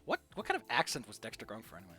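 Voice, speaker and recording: A streamer who isn't a native English speaker chats and cracks self-deprecating jokes over a game, with faint music in the background. Her or his medium-pitched voice swings hugely in pitch and comes out rapid-fire, lurching between loud outbursts and mumbling.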